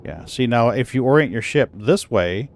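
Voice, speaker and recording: A man's voice: mid-range voice, animated, moderate pace, soft background music. A man streaming a space game, chatting casually and swearing freely while he plays. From North Dakota. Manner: laid-back, swears casually. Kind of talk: casual gaming chat.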